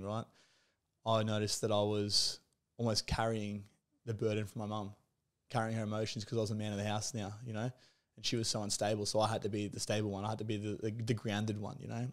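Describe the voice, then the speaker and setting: Fast-talking man, candid. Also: fairly low pitch. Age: 30s. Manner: frank, swears freely, heavy use of "like" and "you know". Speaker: guest. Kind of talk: candid conversational storytelling.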